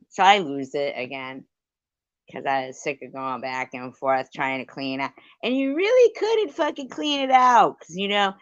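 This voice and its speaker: A woman's voice: low voice, clear, resonant tone, dry recording, dull audio. A woman hosting a livestream, telling a rambling casual story, swearing freely and breaking off to thank viewers. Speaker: livestream host.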